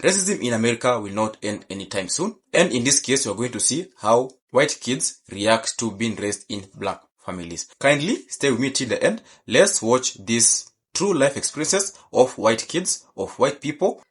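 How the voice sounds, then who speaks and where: A man's voice: medium pitch, big pitch swings, moderate pace, few pauses, husky. A man hosting a commentary channel, talking in a formal, polite way and often asking viewers kindly to stay and subscribe. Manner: formal, repeatedly polite and pleading. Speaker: channel host. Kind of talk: scripted commentary to camera.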